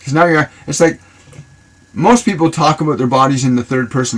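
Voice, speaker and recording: Man, mid pitch, casual live-stream spiritual reader, rambling delivery with repeats. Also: fairly quick, low-quality recording. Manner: loose and rambling, repeats himself, speaks in affirmations. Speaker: spiritual reader answering viewer questions. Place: live social video stream.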